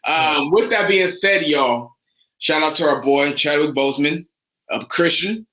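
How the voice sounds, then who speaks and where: A man's voice: fairly high pitch, unhurried. Upbeat young man in an echoey room. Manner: enthusiastic, animated fan talk. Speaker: co-host. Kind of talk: casual podcast chat.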